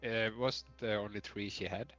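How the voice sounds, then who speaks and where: A man's voice: lowish voice, steady tone, normal speed, fairly bright tone, lo-fi sound, faint music behind. A man playing in a tabletop game, describing what his character does in a chatty way and laughing as he goes. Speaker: player.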